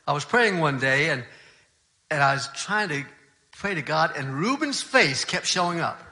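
An older man, a pastor, telling a story from his ministry in a relaxed, conversational sermon. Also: on the high side, moderate pace.

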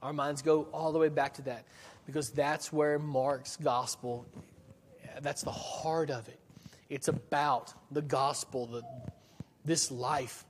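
A man's voice: medium pitch, long reverb tail, slight background noise. A man preaching a sermon in a church, talking in a conversational way with frequent restarts and rhetorical questions. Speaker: pastor.

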